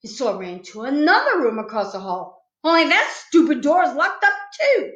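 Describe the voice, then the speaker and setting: A woman's voice: sits high, sing-song, moderate pace, hardly any pauses, fairly bright tone. A woman reading a children's book aloud with a playful storytelling manner. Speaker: storytime reader. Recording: echoey room, slightly dull sound.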